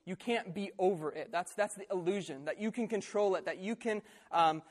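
A man's voice: high voice, a little fast. A man preaching a sermon in an earnest, conversational way.

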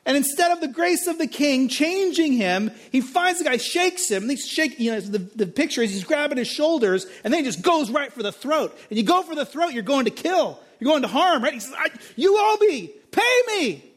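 A man's voice: very high-pitched, expressive, brisk, hardly any pauses, fairly bright tone. A male pastor preaching a sermon on a parable, acting out the characters' lines with dramatic emphasis.

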